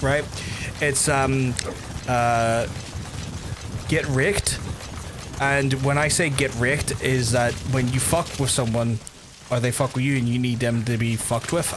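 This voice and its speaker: A man's voice: medium pitch, noisy background. Profane, rambling male gaming streamer. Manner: rambling, profane, chatty, answers chat messages. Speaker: gaming livestreamer. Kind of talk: casual livestream chat while playing.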